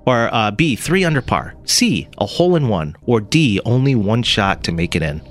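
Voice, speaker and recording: A man's voice: fairly low pitch, normal speed, soft background music. Teasing radio quiz host, man. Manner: teasing, lively, reads out multiple-choice answers. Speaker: radio morning show co-host running a quiz. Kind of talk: playful quiz hosting.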